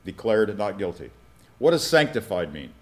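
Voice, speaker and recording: A man's voice: fairly low pitch, big pitch swings, normal speed. A pastor preaching a teaching sermon, asking his congregation questions and checking that they follow with "all right?".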